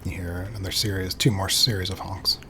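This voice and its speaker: A man narrating as game master of a tabletop game, describing scenes in a calm, measured way with frequent pauses. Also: low voice, soft background music. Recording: home recording with noticeable background noise.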